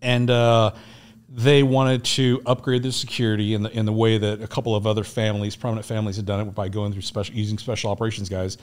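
A man's voice: on the low side, fast talker, clear, resonant tone. A man telling war and contracting stories as a podcast guest, acting out dialogue, laughing and swearing casually. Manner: animated, acts out dialogue, laughs often, swears. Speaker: podcast guest, Navy SEAL veteran. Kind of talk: casual storytelling interview.

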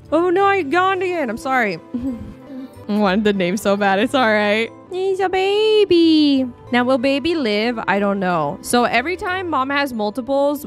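A high-pitched woman talks casually into a desktop mic as she live-streams a game from home. She chats with her viewers and reacts to their polls with gasps and laughs. Soft music plays quietly behind her. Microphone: desktop USB mic.

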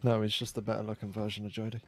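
A man's voice: on the low side, monotone, racing, gravelly, soft background music. A man playing a western saloon owner in a role-play game, talking in a sarcastic, defensive way.

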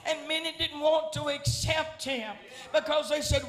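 A man preaching a shouted revival sermon in a rhythmic, repetitive, chanting cadence. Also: very high-pitched, steady tone, a little slow. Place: church sanctuary. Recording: echoey church with faint music.

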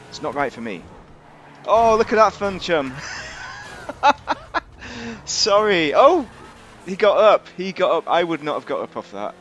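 A man's voice: medium pitch, fairly bright tone, a little hiss or hum. A man giving rambling, joking commentary while reviewing a video game. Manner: rambling, chatty, jokey asides. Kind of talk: casual gameplay commentary.

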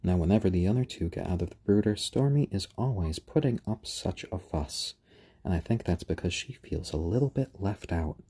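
Soft-spoken man with a husky, low voice. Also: lively intonation, normal speed. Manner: gentle, coos to the birds. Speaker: stream host. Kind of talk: casual live-stream chat.

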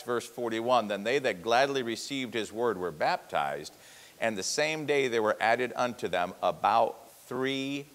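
A male pastor preaching a sermon, swinging from low, hushed asides to loud, high-pitched exhortation. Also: in a large hall. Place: church.

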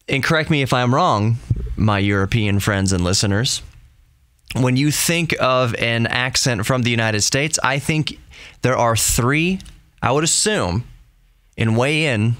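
Chatty radio-style podcast host, dry mic. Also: male voice, mid-range voice, unhurried, a bit bright, dry recording. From Texas. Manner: chatty, rambling, self-deprecating. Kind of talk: casual solo podcast monologue.

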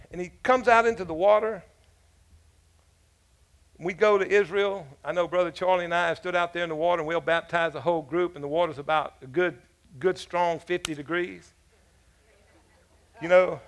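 In church, a male pastor with a high, fairly bright voice preaches a sermon. He tells stories casually and jokingly, with asides to the congregation.

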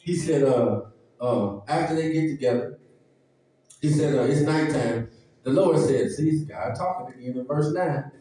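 A man's voice: mid-range voice, moderate pace, warm tone, heavy reverb, far from the mic, rough recording. A man preaching a sermon as pastor, emphatic and folksy, calling out to his congregation. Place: church sanctuary.

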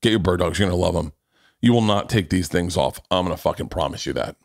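Male podcast host, forties, loud animated storyteller, swears a lot. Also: low-pitched, fast, gravelly, dry recording, clean studio sound. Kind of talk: casual storytelling chat.

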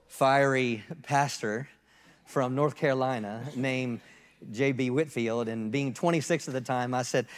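A man in his fifties, the host pastor, introducing a guest speaker in a halting way with restarts. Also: medium pitch, long reverb tail. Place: church sanctuary.

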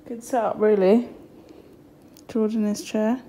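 A young British woman, a new mother and vlogger, chats casually to her phone camera from a hospital room, sounding tired and out of breath with bursts of laughter. Her medium-pitched voice is warm, steady and unhurried. The low-quality recording carries background hiss and room noise.

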